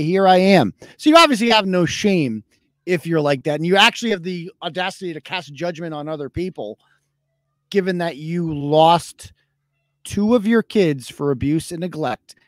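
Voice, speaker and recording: Man, thirties, podcast host, slightly high voice, dry close sound, profane, sarcastic rant. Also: a little mellow, no echo. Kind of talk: casual live-show rant.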